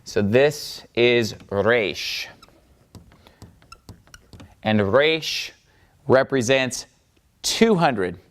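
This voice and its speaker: A man with a smooth, resonant voice gives a patient language lesson, drawing at a board as he goes. He walks through each step slowly and keeps checking in with his listeners. His pitch sits in an ordinary middle range. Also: animated. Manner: patient, checks in with "okay?" and "all right?". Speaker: Biblical Hebrew teacher.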